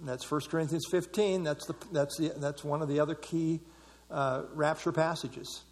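A man's voice: on the high side, fairly even intonation, normal speed, long reverb tail. A man leading a Bible study class, explaining scripture verse by verse with emphasis.

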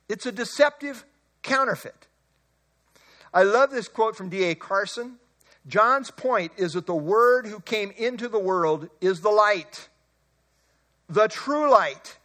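A man preaching an expository sermon, emphatic, slowing and rising on key words. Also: high-pitched, animated, bright, forceful tone.

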